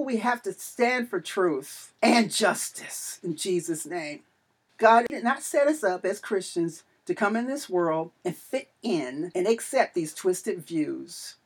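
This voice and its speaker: A middle-aged woman preaching an impassioned sermon, declaiming and shouting at times, then dropping softly into prayer. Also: mid-range voice, slightly rough.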